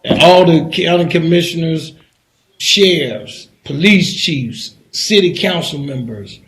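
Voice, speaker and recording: A woman who hosts and owns a radio station, talking in a brash, rapid-fire way as she reels off lists. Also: low-pitched, echoey room, poor audio. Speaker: radio station owner and morning show host. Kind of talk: casual radio talk.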